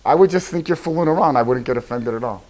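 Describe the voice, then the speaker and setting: A man filming casual street interviews on a campus, asking loud, teasing, goading questions. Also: mid-range voice, fast talker.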